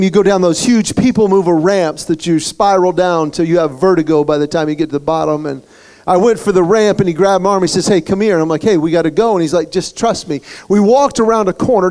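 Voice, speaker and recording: A man giving a humorous motivational speech, telling stories in an animated way to a luncheon crowd in a banquet hall. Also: high-pitched. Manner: storytelling, animated. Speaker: guest speaker.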